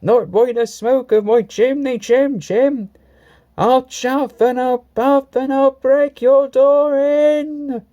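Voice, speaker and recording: A man's voice: very high voice, steady tone, takes it slowly, mellow, muffled recording, pitched above the performer's own voice. A man voicing an old, loyal male tram engine in a storybook reading, earnest and given to stammering when scared. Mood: defiant.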